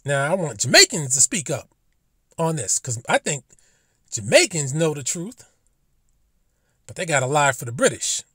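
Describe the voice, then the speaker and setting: A man's voice: on the high side, very animated, normal speed, long pauses, pushed and bright, husky, dry recording, studio quality. A man giving a casual commentary monologue as a vlogger, profane and emphatic, with indignant rhetorical questions.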